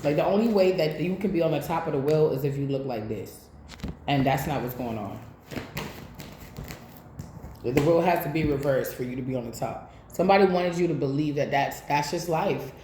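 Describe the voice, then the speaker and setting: A woman's voice: deep voice, brisk, mellow, a little hiss or hum. Blunt, swearing woman reading tarot. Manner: blunt, profane, talks straight to the viewer. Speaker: tarot reader. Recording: echoey room.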